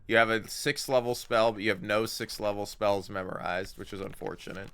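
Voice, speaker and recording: A man's voice: fairly low pitch, steady tone, normal speed, fairly bright tone, a little hiss or hum. A man streaming a game live, chatting casually with jokey asides between dialogue.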